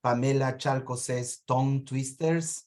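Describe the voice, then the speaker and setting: A man's voice: mid-range voice, fairly even intonation, unhurried, a little mellow. A man from Peru, hosting an online teachers' meeting over a video call, friendly and joking as he reads out viewer comments. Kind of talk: casual moderating.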